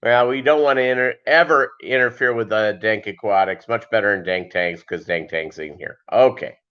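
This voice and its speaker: A man's voice: fairly low pitch, moderate pace, dull audio. A man hosting a casual livestream, greeting viewers by name and rambling with lots of fillers. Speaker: fishkeeping livestream host.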